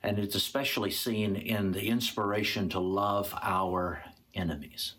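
A man's voice: on the low side, steady tone, measured pace, fairly bright tone, slight background noise. A male pastor preaching a sermon and reading scripture, earnest and repeating words for emphasis.

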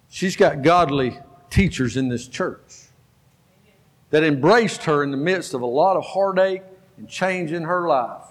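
A pastor in his fifties preaching a sermon, telling stories and exhorting his congregation with animated energy. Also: a little high. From Georgia, US. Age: 50s. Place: church sanctuary. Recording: long reverb of a church hall.

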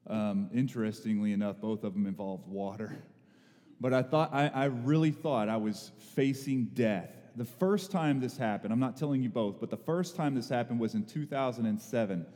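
Man preaching in a big echoey church hall, mellow voice, animated storytelling. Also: mid-range voice, normal speed. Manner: storytelling, animated, rising to excited exclamations. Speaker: pastor. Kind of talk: sermon.

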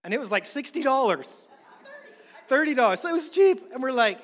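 Man, middle-aged, pastor, conversational sermon, high-pitched voice, long hall reverb. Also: big pitch swings, a little fast, long pauses, fairly bright tone. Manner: conversational preaching with humorous family anecdotes.

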